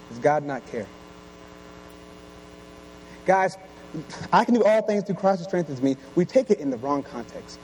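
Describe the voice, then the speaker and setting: A man's voice: on the high side, a little mellow, a little hiss or hum, rough recording. A young man giving an earnest sermon, full of rhetorical questions.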